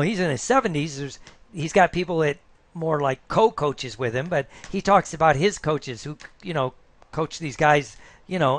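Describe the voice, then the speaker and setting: A man's voice: a little high, fairly bright tone, dry recording. Rambling middle-aged male coach, dry sound. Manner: rambling, peppers talk with "right?". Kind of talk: casual monologue.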